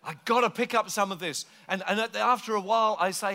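A man's voice: sits high, quick pace, few pauses, pushed and bright. A man from England preaching a sermon in a conversational, joking way, slipping into mimicked voices. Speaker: pastor.

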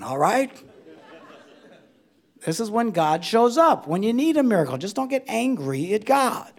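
Animated gravelly-voiced preacher man. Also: high-pitched, measured pace, a faint crowd. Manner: animated comic storyteller, swinging between loud and hushed. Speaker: pastor. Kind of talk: humorous storytelling sermon.

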